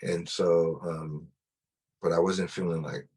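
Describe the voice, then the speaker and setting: Low husky-voiced man telling his story. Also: level tone, takes it slowly, mellow. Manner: loose and conversational, full of "like" and restarts. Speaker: testimony speaker. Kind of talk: personal testimony storytelling.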